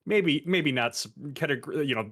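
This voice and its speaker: A man's voice: on the high side, lively intonation, moderate pace, a bit bright. A man playing a tabletop game, speaking in character with hesitant, stammering restarts. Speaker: player. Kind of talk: in-character tabletop role-play.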